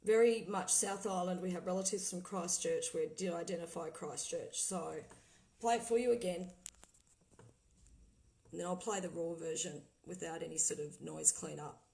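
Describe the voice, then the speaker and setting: A woman's voice: on the low side, normal speed, creaky, rough recording. Chatty woman vlogger. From Australia. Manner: excited, trailing off, laughing often. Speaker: vlogger playing spirit recordings. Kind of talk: casual livestream chat.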